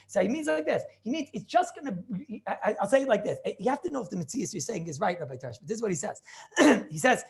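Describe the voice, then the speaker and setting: A man's voice: high-pitched, expressive, quick pace, vocal fry, darkish tone. A man teaching a Talmud class over a video call, thinking aloud with many restarts and questions to his students.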